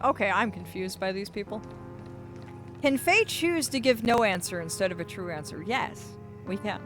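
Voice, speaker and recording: A woman's voice: medium pitch, expressive, normal speed. A woman streaming a game live, chatting playfully and reading game lines aloud as she plays. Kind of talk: live gameplay commentary. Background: game music.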